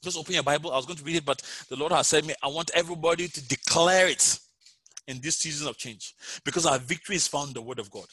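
Fervent preacher man, bright husky voice. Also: on the high side, fast, no echo, low-quality recording. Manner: fervent, chanting prayer with repeated "Father Lord"; addresses listeners at home. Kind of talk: prayer and sermon.

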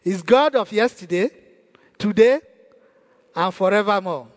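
A man's voice: high voice, unhurried. A male pastor preaching a sermon in a church hall, emphatic and repeating his key phrases. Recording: long church hall reverb.

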